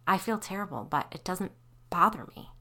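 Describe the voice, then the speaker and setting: Woman reading a calm protective husband. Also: fairly low pitch, normal speed, heavily acted.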